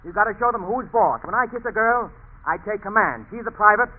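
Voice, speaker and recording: A man guesting on a 1940s radio comedy show, giving dry, deadpan comebacks, heard as a tinny, hissy broadcast. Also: sits high, a little fast. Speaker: guest actor.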